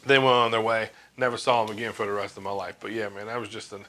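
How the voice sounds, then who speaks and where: A man in his forties with a fairly low, steady yet sharp voice talks fast as he tells a casual story from his years as a tattoo artist. Laid-back, he swears freely and acts out what other people said.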